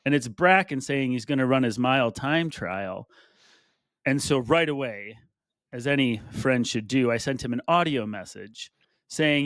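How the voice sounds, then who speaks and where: A man's voice: medium pitch, normal speed, fairly bright tone, no echo, clean studio sound. A man co-hosting a running podcast in casual banter, telling stories with joking mock hurt while he is coming down with a cold. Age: adult with a wife. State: getting chills, coming down with a cold. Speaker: podcast co-host.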